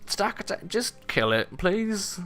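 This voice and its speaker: A man's voice: sits high, big pitch swings, takes it slowly, fairly bright tone, soft background music. A man ranting casually at home over gaming commentary, sardonic, sweary and rambling, holding his mic in his living room. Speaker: gaming channel host. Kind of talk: casual battle commentary and rant. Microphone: handheld desk mic.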